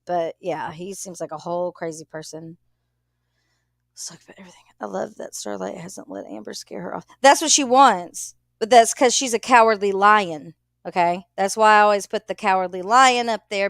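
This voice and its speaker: A woman's voice: a little high, fairly bright tone, no room sound, studio quality. A woman host giving blunt, opinionated commentary on clips.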